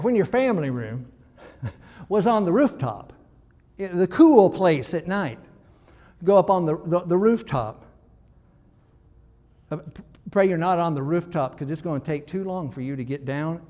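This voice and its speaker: A man's voice: fairly high pitch, darkish tone, big-room sound. A male pastor preaching a sermon in a conversational, emphatic way, with frequent restarts.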